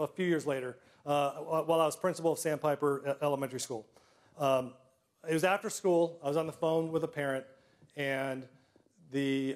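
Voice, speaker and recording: A middle-aged man telling personal stories to a live audience, self-deprecating, with comic timing and frequent throat clearing. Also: a little high. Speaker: storyteller.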